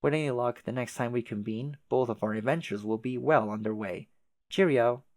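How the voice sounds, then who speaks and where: A man's voice: mid-range voice, brisk, darkish tone, no echo, lightly acted. Man doing a prim, wordy faux-British advisor. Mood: rousing. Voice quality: formal, wordy, fussy diction. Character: prim, verbose troll advisor putting on a British manner.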